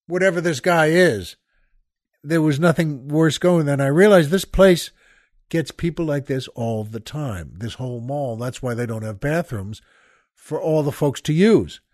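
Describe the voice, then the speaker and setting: A man's voice: fairly high pitch, a little mellow, dry recording, studio quality. Rambling older man telling a story. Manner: rambling, halting, with many restarts and asides to the listener. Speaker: podcast host. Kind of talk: casual storytelling monologue.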